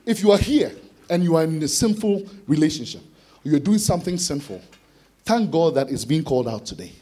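A man preaching an expository sermon to students, animated, acting out voices with sudden shouted bursts. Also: on the high side, fairly quick. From Ghana. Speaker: conference speaker preaching to students.

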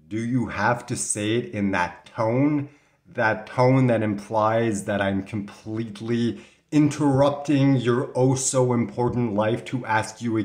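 A man from Canada telling a story to the camera in a casual, rambling way, sometimes indignant, with an occasional cough. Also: lowish voice. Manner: chatty, rambling, mildly indignant. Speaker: vlogger. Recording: echoey room sound.

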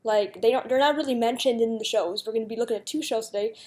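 Young woman, giggly, chatty, slightly high-pitched, casual game commentary. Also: fast, darkish tone. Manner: giggly, chatty, reads questions aloud. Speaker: YouTuber playing a guessing game.

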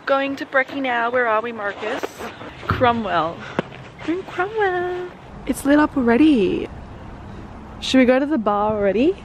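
A woman's voice: on the high side, normal speed. A young woman chatting to the camera as a travel vlogger, playful and laughing often, filmed on a handheld camera in a car and outdoors. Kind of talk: casual vlog chat to camera. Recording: noisy outdoor and car recording. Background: car and street noise.

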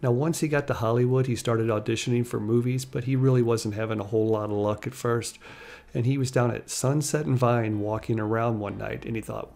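A man's voice: mid-range voice, steady tone, brisk, creaky, a little mellow. A man narrating a life story in a casual, conversational way, retelling anecdotes with small laughs. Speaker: channel host and narrator.

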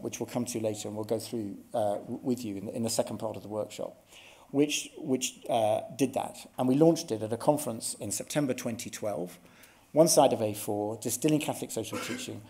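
A middle-aged man with a low, mellow voice talks fairly quickly as he leads a conference workshop. His explanations are earnest, and he keeps breaking off and restarting sentences.

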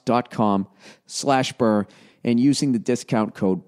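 A man's voice: mid-range voice, slow pace, darkish tone. Podcast host, middle-aged man, Boston accent, sarcastic ad reads full of swearing riffs. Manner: profane, sarcastic, shifts between reading copy and riffing. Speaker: podcast host reading ads. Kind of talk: ad read with riffing asides.

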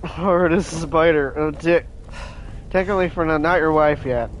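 A young man from the United States commenting on a video game he is playing, excitable and prone to shouting and laughing. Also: fairly high pitch, moderate pace, slight background noise. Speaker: gaming streamer. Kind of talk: let's play commentary.

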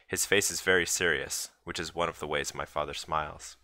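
A man's voice: extremely low pitch, steady tone, brisk, sharp tone, no room sound. A man reading a chapter of his own novel aloud, in a dry, understated manner. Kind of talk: book reading.

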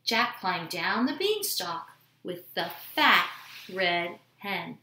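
A woman reading a children's storybook aloud at home, expressive and animated. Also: on the low side, slow, echoey room, slight background noise. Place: home room with dogs.

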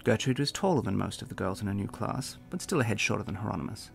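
A man's voice: fairly low pitch, expressive, fast, gravelly, soft background music. A man, the author, narrating a fantasy novel in a dry, wry storytelling manner. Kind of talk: audiobook narration.

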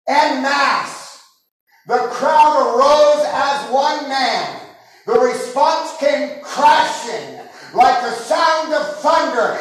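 Male pastor, very high voice, fervent preacher who builds to shouts; distant mic in a boomy church. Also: big pitch swings, extremely slow. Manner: impassioned preaching, rising to shouts. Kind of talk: sermon. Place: large church sanctuary. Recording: very echoey hall, mic far off.

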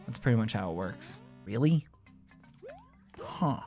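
A man giving live gameplay commentary, joking with his chat and yelling and squealing when things go wrong. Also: medium pitch, a little slow, creaky, faint music behind. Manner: excitable, yells and squeals at game moments. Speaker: gaming streamer.

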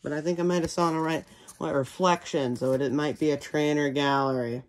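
A man's voice: fairly high pitch, fairly even intonation, brisk. A man casually narrating while he opens trading card packs, rambling and joking to himself and sometimes calling himself by name in the third person. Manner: rambling, jokey self-talk, refers to himself in third person. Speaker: card-opening video host.

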